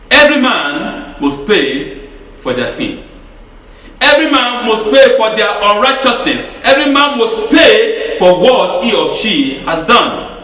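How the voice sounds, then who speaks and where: A man's voice: high-pitched, sharp tone. A man preaching a sermon with emphatic rhetorical questions and frequent restarts. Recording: very echoey hall, mic far off.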